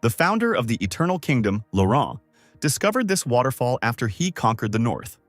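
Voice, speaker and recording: A man's voice: medium pitch, brisk, no room sound, faint music behind. A man narrating a comic story recap in a scripted storytelling voice. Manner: steady storytelling voice that swings into character voices.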